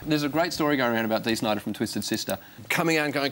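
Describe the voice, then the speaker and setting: A man hosting a TV panel quiz, reading questions briskly and telling jokey stories. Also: mid-range voice, fairly bright tone. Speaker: quiz show host. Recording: studio audience and crowd noise.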